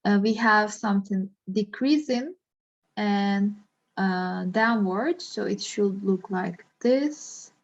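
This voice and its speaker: A woman walks through a math problem slowly, pausing often and filling gaps as she thinks aloud. Her voice sits at a middle pitch, and the recording sounds dull and lo-fi. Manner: hesitant, thinking aloud with fillers. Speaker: math teacher. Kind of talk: slow worked-example lesson.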